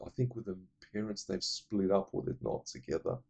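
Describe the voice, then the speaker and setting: Man, gravelly, raspy, rambling, enthusiastic, casual film talk. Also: low voice, lively intonation, brisk, darkish tone. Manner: rambling, enthusiastic, many fillers. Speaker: movie reviewer. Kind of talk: casual movie recommendations.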